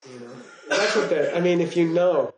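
Older man, class lecturer, rambling and chuckling, a touch high-pitched. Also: moderate pace, noisy background. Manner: digressive storytelling, frequent "okay?" and "you know?" check-ins; chuckles while telling stories. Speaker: teacher. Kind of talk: lecture to students.

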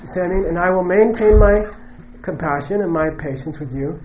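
Man, Buddhist teacher, high voice, conversational lecture, frequent "okay?", joking, muffled lo-fi recording. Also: fairly quick, a little mellow, a little hiss or hum. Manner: conversational, keeps checking in with "okay?" and "you know"; joking, emphatic asides. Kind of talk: dharma teaching to a live audience.

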